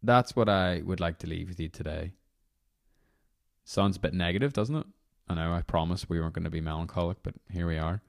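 Very deep-voiced podcast host, rambling. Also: male voice, brisk, gravelly, no echo, clean studio sound. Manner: casual, rambling, apologetic asides. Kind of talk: reflective podcast talk leading guided prayer.

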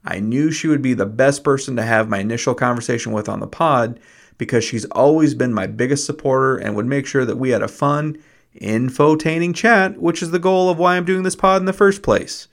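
A man's voice: mid-range voice, brisk, creaky. Playful, teasing male podcast host. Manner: playful, teasing, self-deprecating storyteller. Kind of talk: casual podcast conversation.

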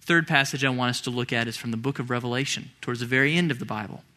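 A pastor delivers a sermon in church, his voice bright and forceful. He speaks earnestly and slows down to lean on key words when he reads scripture aloud. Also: medium pitch.

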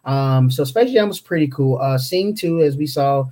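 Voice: medium pitch, expressive, normal speed, dark tone. A young parent chatting casually on a family livestream, rambling with lots of ums and restarts. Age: young adult.

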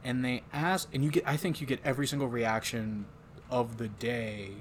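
A man's voice: medium pitch, fairly even intonation, moderate pace. Podcast guy rambling about a movie, swears a lot, faint background hiss. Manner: rambling, swearing, quotes lines in put-on voices. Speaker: podcast host. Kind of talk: casual chat.

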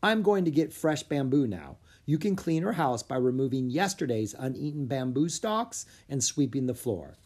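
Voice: mid-range voice, animated, normal speed, hardly any pauses, a little mellow, lightly acted. A reader doing a serious, matter-of-fact keeper. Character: quiet serious man panda keeper. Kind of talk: audiobook character voice.

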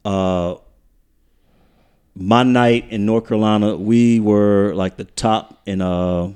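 A man's voice: on the low side, fairly even intonation, slow, a little mellow, clear, resonant tone. A man from the American South in a casual podcast chat, telling stories at an easy pace and trailing off with "uh" and "um". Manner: laid-back storytelling, trails off with uh and um. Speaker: guest.

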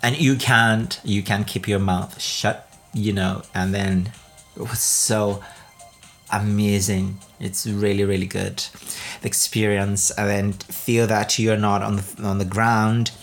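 Chatty laughing woman, slow rambling delivery. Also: extremely low pitch, little pitch movement, soft background music. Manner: chatty, rambling, laughs often, many fillers and restarts. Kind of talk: casual travel vlog chat.

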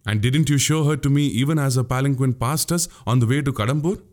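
A man's voice: mid-range voice, fast, darkish tone, close to an everyday voice. A man voicing a crafty older male spy in an audiobook, needling and mocking with pointed questions. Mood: teasing. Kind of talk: audiobook character voice.

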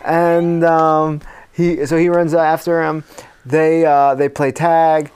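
A man's voice: a little high, fairly even intonation, a little slow, a little mellow, clear, resonant tone. A man co-hosting a podcast, animatedly improvising a horror story with hammy flair. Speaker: podcast co-host.

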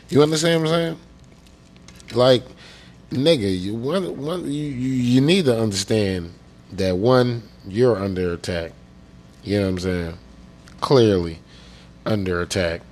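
Profane ranting man from Pennsylvania. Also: on the low side. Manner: profane, repeats "you know what I'm saying". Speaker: podcast host. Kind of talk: casual profane rant.

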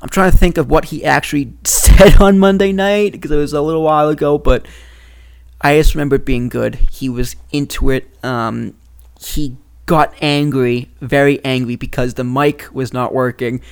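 A young man hosting a casual solo podcast, rambling and excitable, often cutting himself off. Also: a little high, moderate pace, gravelly, clear, resonant tone. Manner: rambling, excitable, self-interrupting. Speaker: podcast host.

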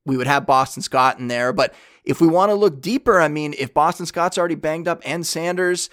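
A man's voice: on the high side, brisk. A man hosting a casual sports podcast, talking through news and asking his guest questions. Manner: conversational, relaxed analysis. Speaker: podcast host. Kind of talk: casual chat.

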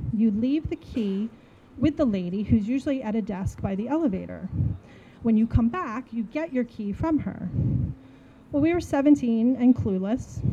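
Animated storytelling woman, muffled sound. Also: fairly high pitch, slight background noise. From New Jersey, US. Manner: animated, acts out dialogue, laughs while telling. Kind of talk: casual storytelling.

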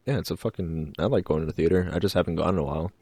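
A man's voice: low voice, rapid-fire, slightly rough, dry recording. A young man co-hosting a casual podcast chat, rambling with lots of fillers. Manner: rambling, full of fillers, loud acted-out movie quotes. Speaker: podcast co-host.

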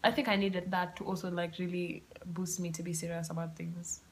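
A young woman, hosting a podcast and telling a personal story in a chatty, animated way with asides and laughter. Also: on the low side, a little fast, slight background noise. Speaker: podcast host. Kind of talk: casual storytelling monologue. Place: home room with open windows.

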